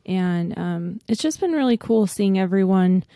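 A woman co-hosting a casual podcast who reads the show intro and chats in a steady, easygoing way. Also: medium pitch, measured pace, no echo, studio quality. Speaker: podcast co-host.

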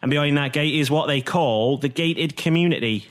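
A man's voice: on the high side, normal speed, close to an everyday voice. A man doing an evasive seaside stall trader.

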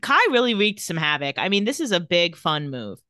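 Her voice is slightly low, bright, and sharp, captured on a close, dry mic with no room ambience. She's a podcast co-host in a laid-back recap conversation, rapidly retelling scenes and reading characters' dialogue in a level voice.

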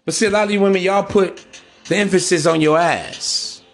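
Male podcast host, slightly high voice, blunt and preachy, street slang, faint music underneath. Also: steady tone, moderate pace. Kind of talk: casual monologue.

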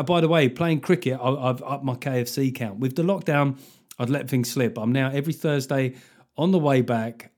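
A man's voice: mid-range voice, darkish tone. Sweary ranting male podcast host. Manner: sweary, ranting, mock-outraged. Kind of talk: casual comic monologue.

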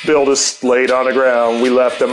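A middle-aged man with a medium-pitched voice tells a rambling, profane anecdote, laughing often. It's a casual story from a storyteller, and the audio quality is poor.

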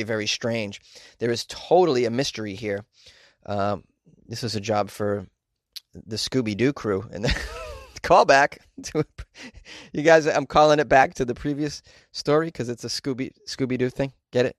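A man's voice: mid-range voice, no room sound. Chatty man on a dry close mic. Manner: chatty, joking asides, frequent fillers. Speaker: host reading and commenting on news. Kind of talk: casual news commentary.

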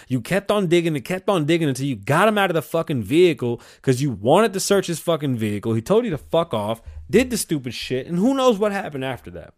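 A man's voice: on the high side, very animated, fast talker, hardly any pauses. A man hosting a podcast, delivering a heated, profane comedic rant and acting out the people he quotes. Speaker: podcast host.

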